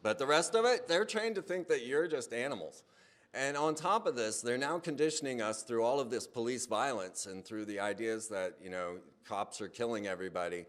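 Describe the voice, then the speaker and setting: Animated man telling a rambling monologue. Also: medium pitch. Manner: animated storytelling, voice rising when excited. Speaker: speaker on a hypnosis channel. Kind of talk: casual spoken monologue.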